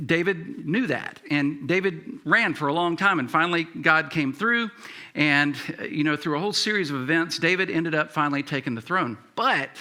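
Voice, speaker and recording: A man's voice: fairly high pitch, sharp tone. A man preaching a sermon as pastor, conversational, with many fillers and restarts.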